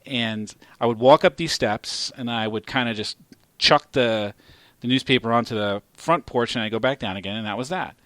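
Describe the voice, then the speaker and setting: A man hosting a podcast, telling a story in a casual, profane and animated way. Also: medium pitch, normal speed, no echo. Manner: profane, animated storyteller who gets loud at climaxes. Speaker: podcast host.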